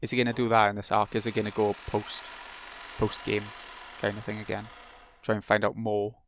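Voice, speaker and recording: A man's voice: on the low side, monotone, brisk, fairly bright tone, slight background noise. A man hosting a let's play, reading a visual novel's text aloud with expression and breaking off now and then for casual remarks of his own. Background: background music.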